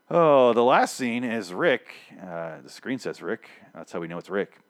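A man's voice: lowish voice, sing-song, unhurried, few pauses. Rambling, profane man recapping TV. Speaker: TV show recapper.

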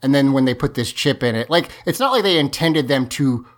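A man's voice: medium pitch, lively intonation, fairly quick. A man hosting a casual movie talk, recapping the plot in a loose, profane way.

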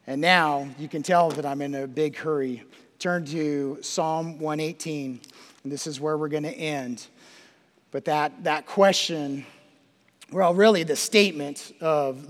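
A man preaching a sermon as pastor, emphatic, dropping to a hush when he quotes verses. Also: a little high. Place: church sanctuary. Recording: long hall reverb.

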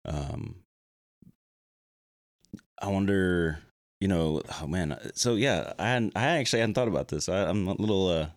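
A man hosting a casual podcast conversation about faith, pausing often and restarting his sentences. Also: deep voice, lively intonation, no echo, studio quality. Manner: halting, many restarts and fillers. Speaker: podcast host.

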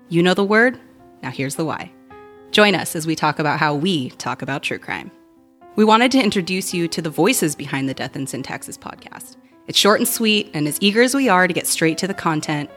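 A woman's voice: sits low, fairly bright tone. A woman co-hosting a podcast, reading a scripted introduction in a playful, self-deprecating way. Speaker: podcast co-host.

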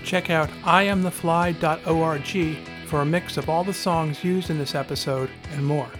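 A man's voice: a little high, steady tone, normal speed, over music. A man hosting a podcast, narrating a scripted story in a wry, dryly humorous way. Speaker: podcast host.

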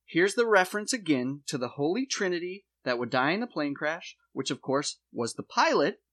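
A man hosting a comedy podcast, laying out a mock conspiracy theory in a deadpan voice with dramatic emphasis. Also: fairly high pitch, normal speed.

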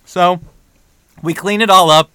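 A young man co-hosting a podcast, telling a story in a casual, animated way and acting out the dialogue. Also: high-pitched, measured pace, clear, resonant tone, dry recording, clean studio sound. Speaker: podcast co-host.

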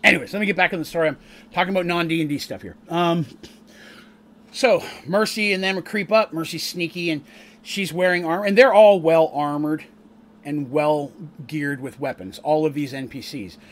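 His voice is a little high and his pace moderate. He's an adult game master and streamer raised in Canada, the eldest grandchild, with a wife, and he recaps a tabletop campaign on stream in a relaxed, rambling way, often backing up to restart sentences.

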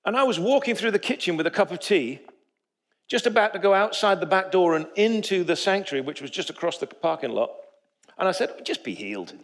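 A man's voice: high voice, fairly quick. A man preaching a sermon to his congregation, telling stories and acting out the voices of the people in them. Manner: animated storytelling, acts out quoted voices. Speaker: pastor. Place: church sanctuary.

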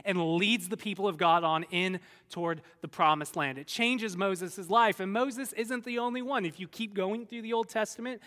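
A man preaching a sermon, retelling Bible stories in a lively, conversational way and briefly acting out the people in them. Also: high-pitched, normal speed, hardly any pauses, in a large hall. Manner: animated storyteller, acts out voices of biblical figures. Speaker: pastor.

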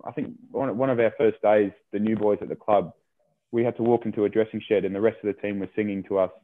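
A man's voice: fairly low pitch, steady tone, fast. Australian man on a tinny line. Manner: rambling, repeats words, says "mate" often. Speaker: rugby player guest. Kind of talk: casual interview chat. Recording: tinny phone-line sound.

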